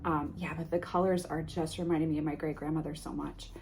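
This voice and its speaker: A woman vlogging an unboxing of a card deck, reading card names softly and gushing with emotion. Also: sits low, flat delivery, brisk, slight background noise. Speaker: tarot vlogger. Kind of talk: casual unboxing vlog.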